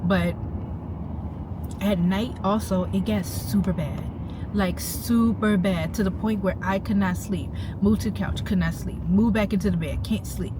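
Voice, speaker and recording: A young woman telling a story straight to her viewers in an animated, slangy way while she drives. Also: mid-range voice, a little slow, distant mic. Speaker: vlogger. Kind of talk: casual storytelling to camera. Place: inside a car while driving. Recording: loud car road noise. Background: loud road and engine noise.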